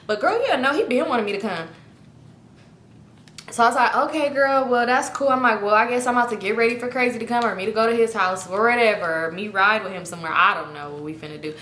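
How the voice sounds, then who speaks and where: A woman's voice: on the high side, fast, a bit bright. A young woman telling a casual story to her viewers, acting out the quotes in other voices and swearing freely. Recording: echoey room.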